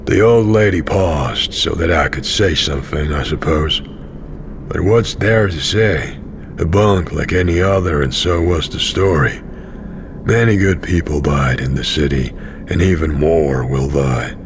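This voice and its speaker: A man's voice: very deep voice, background noise. A man narrating an audio drama as a tired, cynical wandering pilgrim. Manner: dry, tired, slow narration. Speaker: narrator and main character.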